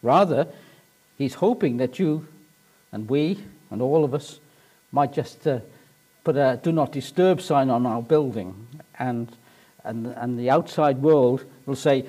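A man preaching a sermon, retelling a story in an animated way and rising to emphatic points. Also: fairly high pitch, unhurried, breathy edge.

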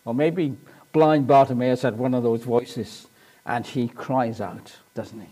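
A man preaching a sermon, retelling a story in an animated way and rising to emphatic points. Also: mid-range voice, unhurried, breathy edge.

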